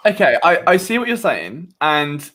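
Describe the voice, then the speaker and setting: A British man on a podcast as a guest, chatting casually in an animated, rambling way that often questions himself. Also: a little high, moderate pace. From Britain.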